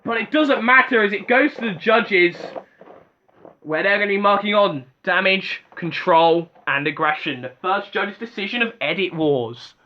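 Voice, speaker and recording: A man giving excitable play-by-play commentary on a robot combat tournament, rising to exclamations at big hits. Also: sits high, normal speed. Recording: dull lo-fi audio with music behind.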